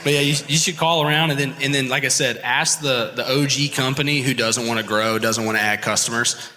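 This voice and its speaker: A man, a landscaping business owner, giving energetic pep-talk advice as the guest of a live podcast. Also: medium pitch, fairly quick. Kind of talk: live podcast interview before an audience. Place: large expo hall with live audience. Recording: long hall reverb.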